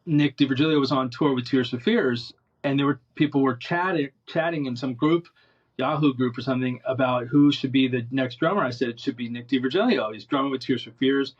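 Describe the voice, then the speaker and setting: A male musician telling animated anecdotes in an interview, rambling with many restarts. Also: mid-range voice, a little fast, husky, highs cut off. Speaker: interview guest, musician and producer. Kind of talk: casual storytelling in an interview.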